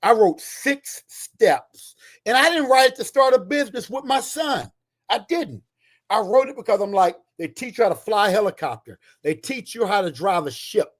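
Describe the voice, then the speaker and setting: A man's voice: sits high, sing-song. A man in his sixties, a retired soldier and author, telling stories with emphatic energy. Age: 60s. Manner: emphatic, fast-talking storyteller. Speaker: guest, retired Army Ranger and author. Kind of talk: animated storytelling.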